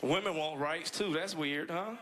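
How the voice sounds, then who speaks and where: A man from the United States doing a stand-up set, animated, jumping into high-pitched act-outs and laughing through his lines. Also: a little slow, noisy background. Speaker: stand-up comedian. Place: comedy club stage with live audience. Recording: loud crowd laughter in club.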